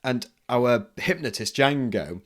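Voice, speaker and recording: A man's voice: medium pitch, lively intonation, slow pace, a bit bright. Giggly man recapping a manga. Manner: laughing often, acting out characters' lines in bursts. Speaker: podcast co-host. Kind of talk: casual chat about manga.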